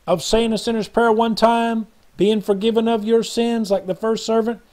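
Male preacher with a high, mellow voice, delivering an earnest, rambling sermon to camera. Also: normal speed, hardly any pauses. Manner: earnest, rambling, preachy, acts out quotes in a parable. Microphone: webcam or phone video.

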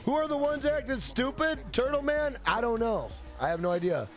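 A man's voice: very high voice, expressive, moderate pace, faint music behind. A man chatting casually on a game live stream, rambling and swearing. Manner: profane, rambling banter.

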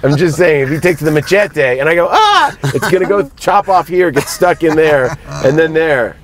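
A man telling animated stories as a guest in a moving car, acting out quotes in other voices. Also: fairly high pitch, normal speed, over a noisy crowd. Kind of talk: casual storytelling in a car.

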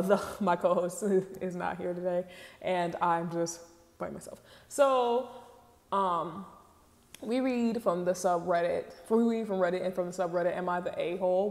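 A woman's voice: on the low side, a little mellow, in a large hall. A woman hosting a casual show, reading online posts aloud and reacting with candid, slangy asides and laughs.

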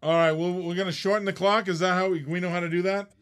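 A man's voice: high-pitched, steady tone, quick pace, a bit bright, clean tone. A man hosting a live-stream auction in casual chat, laughing often and teasing the bidders.

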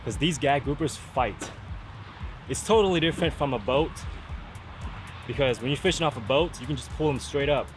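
Out on a rainy, windy fishing pier, a man with a mid-range voice records a casual fishing vlog on a camera-mounted mic. Laid-back and frequently saying "man," he walks viewers through his gear against wind, rain and outdoor sounds.

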